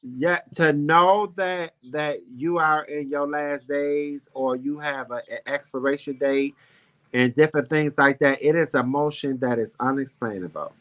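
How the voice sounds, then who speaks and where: A man's voice: fairly high pitch, measured pace, a bit bright. A man hosting a casual talk show, telling a personal story in a heartfelt, rambling, emphatic way. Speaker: show host.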